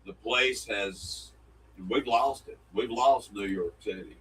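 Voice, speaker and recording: A man's voice: on the low side, fairly bright tone, slightly rough. A man co-hosting a morning radio show, chatting in a rambling, folksy way. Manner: rambling, folksy, quick to laugh. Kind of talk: casual morning show banter. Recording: somewhat distant mic with faint background noise.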